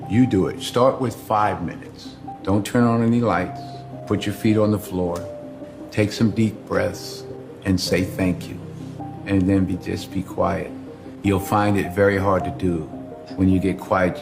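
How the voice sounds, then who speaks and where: An older man in an interview, talking emphatically and deliberately, repeating lines for effect. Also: deep voice, gravelly. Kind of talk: reflective interview talk.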